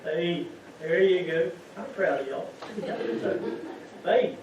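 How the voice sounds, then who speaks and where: A man with a high voice preaches a folksy sermon, asking the congregation one rhetorical question after another. He sounds distant and muffled. A long, heavy echo fills the church around him. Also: lively intonation, drawn-out words, darkish tone, a little hiss or hum. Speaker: lay preacher. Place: church sanctuary.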